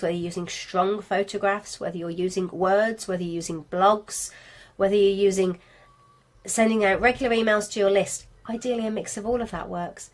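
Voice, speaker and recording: A woman with a Brummie accent teaches marketing to craft sellers in a live video class, chatty, self-deprecating and talking straight to her viewers. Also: mid-range voice. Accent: Birmingham English (Brummie). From England. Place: home studio with lights, indoors.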